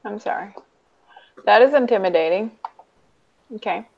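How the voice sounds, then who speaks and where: A woman's voice: mid-range voice, lively intonation, moderate pace, creaky. A woman player in a tabletop game, reacting dramatically in casual chat. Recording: dull lo-fi mic with faint noise.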